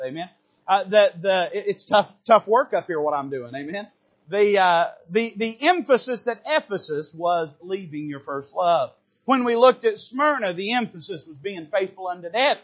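A man preaching a sermon, reading scripture slowly and then praying and preaching. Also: sits high. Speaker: pastor.

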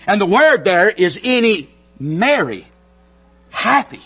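With soft music in the background, a middle-aged North Carolina pastor preaches in his church sanctuary at a moderate, expressive pace. His high, bright voice has a touch of husk, and he moves fervently between intimate near-whispers and full shouts.

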